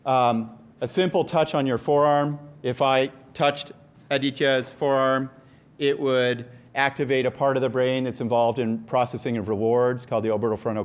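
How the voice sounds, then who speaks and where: A middle-aged man giving an enthusiastic, joking science lecture and quizzing the audience. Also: medium pitch. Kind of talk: lively scientific talk. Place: lecture room.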